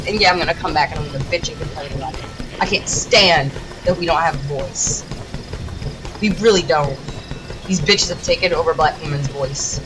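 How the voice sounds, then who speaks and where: A woman from the United States, a gaming streamer, ranting in a heated, profane, rapid-fire way while she plays. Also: deep voice, noisy background. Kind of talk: casual ranting during a livestream.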